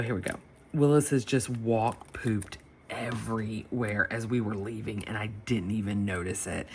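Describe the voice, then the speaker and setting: Woman, very deep voice, animated casual storyteller, home desk recording with faint hiss. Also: gravelly. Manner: chatty, animated retelling with quoted voices and laughter. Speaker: planner vlogger. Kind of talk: casual storytelling while planning. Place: home desk with dogs nearby.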